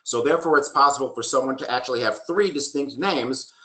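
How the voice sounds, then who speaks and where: In a room with noticeable echo, a man leads a genealogy workshop from slides, explaining steadily with plenty of ums and an occasional dry joke. His voice is mid-range and fairly bright, delivered a little fast.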